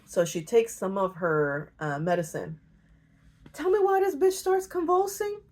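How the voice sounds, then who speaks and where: A woman casually retelling a novel, slangy and joking, briefly acting out the characters' lines in quick voices. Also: a little high, darkish tone. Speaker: book retelling video host. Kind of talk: casual comedic story retelling.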